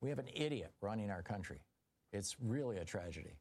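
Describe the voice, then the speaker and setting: A man's voice: lowish voice, expressive, a little fast, a little mellow. A man hosting a political call-in radio show, talking in a sardonic, chatty way with frequent ums and restarts. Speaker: radio talk show host. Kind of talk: political talk radio monologue.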